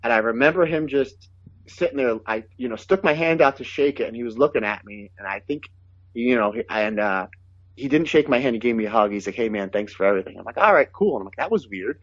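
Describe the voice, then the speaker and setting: A man telling long, animated stories from his career, acting out what others said to him. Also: mid-range voice, quick pace, dry recording, lo-fi sound. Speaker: guest, pro wrestler. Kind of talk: casual storytelling.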